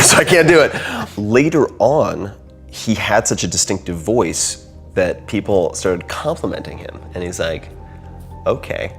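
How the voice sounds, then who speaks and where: A man talking casually as an interview guest, telling animated stories and acting out other people's voices. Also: low voice.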